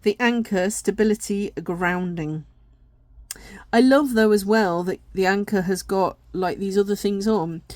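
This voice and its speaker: A woman walking through an oracle deck in a gentle, rambling way, tired and yawning now and then. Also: mid-range voice, measured pace, no room sound. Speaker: tarot and oracle deck reviewer. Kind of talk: casual deck walkthrough.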